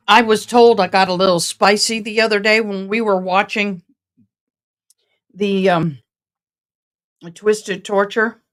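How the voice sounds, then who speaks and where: A woman's voice: mid-range voice, steady tone, slow pace, pauses often. A woman hosting a casual live stream about a trial, chatting with viewers in a rambling, passionate, direct way. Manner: self-described passionate and direct.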